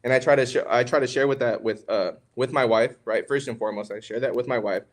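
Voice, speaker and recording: Young male podcast co-host, mid-pitched, casual preachy teaching tone. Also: fairly even intonation, fast. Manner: conversational, preachy, calls listeners "man" and "bro". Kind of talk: casual religious teaching talk.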